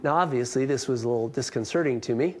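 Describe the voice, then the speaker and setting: A man's voice: medium pitch, fast talker, a little hiss or hum. A man in his thirties giving a health workshop talk, telling a story with self-mocking humor before moving on to teaching.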